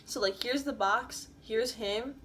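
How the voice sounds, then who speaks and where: A woman's voice: a little high, slow, fairly bright tone, slight background noise. A woman vlogger telling a story in a casual, slangy way, swearing freely.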